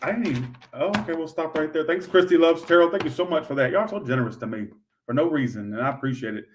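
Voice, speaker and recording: A man's voice: a little high, fast talker, slight background noise. Sassy, foul-mouthed male tarot reader. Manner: sassy, profane, rambling, talks straight to viewers. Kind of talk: livestream tarot reading.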